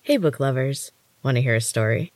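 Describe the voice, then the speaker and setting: A woman, the author and host, narrating her book in the first person with steady, measured storytelling. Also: very deep voice, over loud music.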